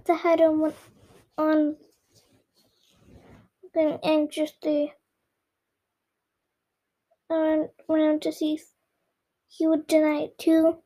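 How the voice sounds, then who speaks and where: A child reading a storybook aloud, slow and careful, stumbling and repeating words now and then. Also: high-pitched, dark tone, low-quality recording. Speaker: reader.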